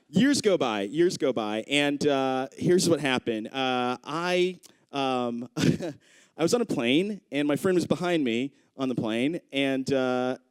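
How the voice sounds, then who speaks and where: A man in his thirties doing live stand-up storytelling on a club stage into a handheld mic, acting out the people he quotes with big jumps in pitch. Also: clean tone, no room sound. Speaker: stand-up comedian.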